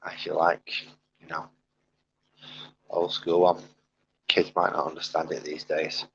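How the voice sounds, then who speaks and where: A man's voice: rumbling low, little pitch movement, measured pace, gravelly, fairly bright tone, lo-fi sound, a little hiss or hum. A man chatting casually on a live stream while he sets up his hobby gear, muttering to himself as he fiddles with things, on a wired headset. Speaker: streamer painting miniatures.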